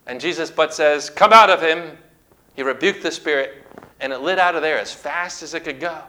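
Bright, forceful male preacher. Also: a little high, brisk. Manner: emphatic, declamatory preaching, reading scripture aloud. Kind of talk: sermon.

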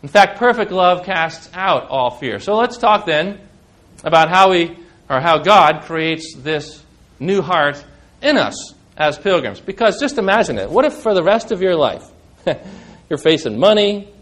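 Male pastor, high voice, emphatic sermon delivery with conversational asides to the congregation. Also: lively intonation, a little slow, a bit bright. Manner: emphatic, rising when quoting scripture, conversational asides to the congregation.

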